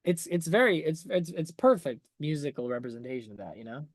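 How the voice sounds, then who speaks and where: A man's voice: fairly high pitch, big pitch swings, brisk. A man hosting a casual livestream where he breaks down a song, enthusiastic and chatty, often checking in with "right?" as he explains music terms to his viewers. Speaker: music analysis streamer.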